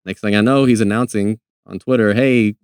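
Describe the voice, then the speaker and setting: A man telling a story as a podcast guest, with a dry, deadpan humor. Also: fairly low pitch, brisk, clean tone, dry recording. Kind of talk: casual interview talk.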